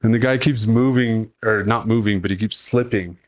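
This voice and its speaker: A man's voice: fairly low pitch, steady tone, moderate pace. Profane storytelling man hosting a podcast. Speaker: podcast host. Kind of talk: casual storytelling chat.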